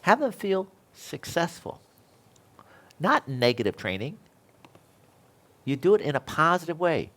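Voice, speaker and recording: A man's voice: on the high side, sing-song, a little slow, long pauses, a bit bright. A middle-aged man, an electrical instructor, telling an anecdote to a class and acting out both sides of the conversation. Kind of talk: storytelling anecdote in a lecture.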